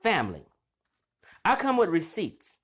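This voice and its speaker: Man, casual call-out vlog, boastful, confrontational, swinging pitch. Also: wildly swooping pitch, a little slow, fairly bright tone. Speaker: channel host.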